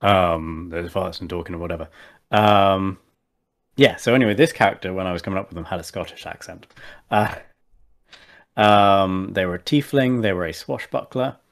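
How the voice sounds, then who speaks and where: Deep-voiced man, hesitant chat. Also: moderate pace. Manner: hesitant, many fillers and restarts. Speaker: podcast guest. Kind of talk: casual chat about tabletop games.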